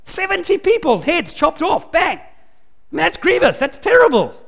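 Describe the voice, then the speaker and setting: A man preaching in an animated, emphatic way, acting out the scenes as he tells them. His very high voice swings widely in pitch. A long reverb trails each phrase as if he speaks in a large church. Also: moderate pace, gravelly. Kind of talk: sermon.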